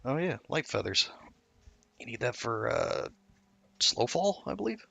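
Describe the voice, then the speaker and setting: A man's voice: medium pitch, big pitch swings, measured pace, vocal fry, sharp tone, no echo. A man streaming a game, chatting casually and rambling through stories with many self-interruptions. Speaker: gameplay streamer. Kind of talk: casual gameplay commentary.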